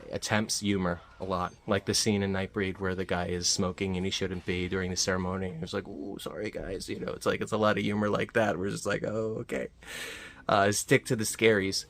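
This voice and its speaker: A man talks through a film review in a relaxed, off-the-cuff way, with a slightly low voice. He rambles, fills gaps with "uh" and restarts his sentences often. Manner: rambling, frequent fillers and restarts. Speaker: movie reviewer. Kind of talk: casual spoken film review.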